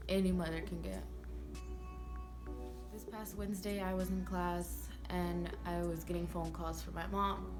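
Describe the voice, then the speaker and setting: A young woman vlogger telling a personal story in a rambling way, full of "like" fillers. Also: lowish voice. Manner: rambling, heavy use of "like" fillers.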